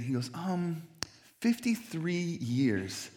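A man in his thirties preaching a sermon in an animated, joking, self-deprecating way. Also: fairly high pitch, normal speed. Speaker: pastor.

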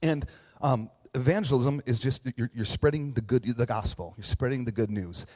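A middle-aged man leads a conversational sermon, easygoing and self-mocking, tossing in fillers and "right?" as he goes. His voice sits at an ordinary pitch and trails off into the long reverb of a church hall. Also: normal speed, a little mellow. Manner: chatty, self-deprecating, frequent fillers and "right?". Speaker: pastor.

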